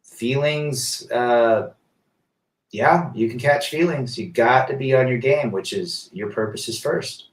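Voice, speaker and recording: A man's voice: mid-range voice, slow pace, distant mic. A man hosting a casual live stream, reading viewer comments aloud and answering them emphatically, often with rhetorical questions. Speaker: livestream host reading chat. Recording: roomy echo, set back from the mic.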